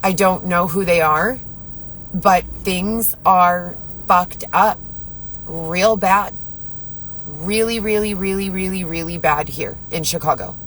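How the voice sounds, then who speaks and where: A woman's voice: fairly low pitch, slow pace, a bit bright, slight background noise, low-quality recording. A woman talking to camera in her car, rambling in an agitated, profane way as she vents to her viewers. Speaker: vlogger. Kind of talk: venting monologue to camera.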